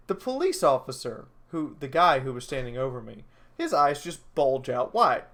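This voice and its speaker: A woman streamer telling a story in a casual, animated way, often stammering, repeating words and laughing. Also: a bass voice, normal speed.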